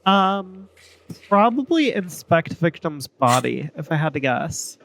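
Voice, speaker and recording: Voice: mid-range voice, big pitch swings, slow pace, vocal fry, background noise. A streamer casually commenting and reading dialogue while playing a game, with chatty asides.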